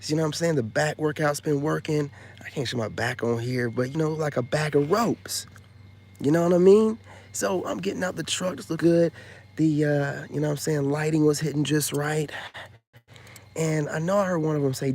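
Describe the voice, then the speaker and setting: A man vlogging a casual story in a rambling, slangy way, dropping loud boasts and then hushed asides, full of filler phrases. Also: a little high, normal speed.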